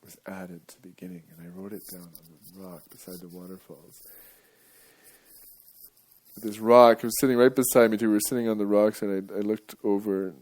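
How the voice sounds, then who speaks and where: A man giving a rambling, jokey live talk to an audience, breaking now and then into loud playful chants. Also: lowish voice, steady tone, moderate pace.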